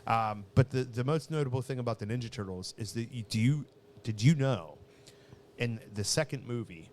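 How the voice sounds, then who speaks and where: A man's voice: mid-range voice, animated, moderate pace, darkish tone, a little hiss or hum. A man co-hosting a podcast, telling rambling stories in casual chat. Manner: rambling storyteller, acts out quoted voices. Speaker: podcast co-host.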